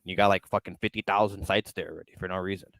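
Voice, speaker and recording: Low-voiced man in casual banter. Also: steady tone, racing, vocal fry, dry recording. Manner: loose, swearing banter with shouts. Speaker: live stream panelist. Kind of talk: casual chat.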